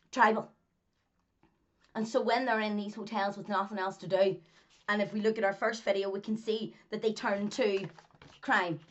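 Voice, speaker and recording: A woman's voice: mid-range voice, highs cut off. A Northern Irish woman, a former track athlete, talking to camera in a casual monologue, hammering her points with repetition and frequent laughs. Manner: emphatic, repeats points, laughs often.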